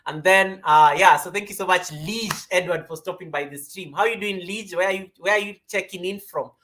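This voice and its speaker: A woman from Kenya with a Kenyan accent, hosting a casual yoga livestream and chatting through viewer comments. She rambles and greets viewers by name, and her voice often jumps up in pitch and loudness. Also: brisk, a little hiss or hum.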